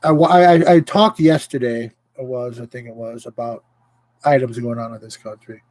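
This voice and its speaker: A man hosting his own livestream, ranting with indignation and pausing to greet viewers. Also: mid-range voice, steady tone, a little mellow, dry recording, rough recording. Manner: impassioned, indignant, greets viewers mid-rant. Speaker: livestream host. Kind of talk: casual livestream rant.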